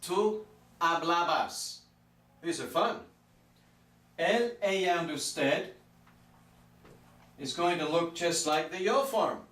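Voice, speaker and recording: A man's voice: fairly high pitch, animated, slow, long pauses, a bit bright. A man teaching a language grammar lesson, patiently drawing out the example words. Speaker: Spanish teacher. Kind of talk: explanatory lesson. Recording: echoey room from far off.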